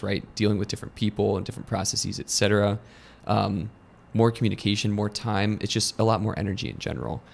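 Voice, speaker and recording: Man, American accent, gravelly, lowish voice, conversational business chat, step-by-step explaining. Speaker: lending company co-host. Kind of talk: casual business discussion.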